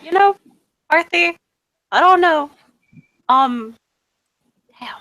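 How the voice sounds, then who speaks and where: A woman's voice: extremely high pitch, expressive, takes it slowly, pushed and bright, no echo, exaggerated voice, poor audio. A woman playing a curious, chatty young woman who rambles casually with lots of fillers.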